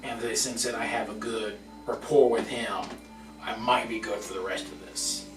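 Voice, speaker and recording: A man voicing a gruff lawman with a very thick New York accent who talks in halting starts. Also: lowish voice, steady tone, lightly acted. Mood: earnest. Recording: roomy, far-off mic with music behind.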